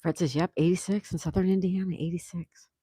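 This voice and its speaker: Low-voiced woman hosting a casual livestream. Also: fairly even intonation, brisk, mellow, slightly rough, dry recording. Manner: reads viewer comments aloud, chatty and affectionate. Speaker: livestream host.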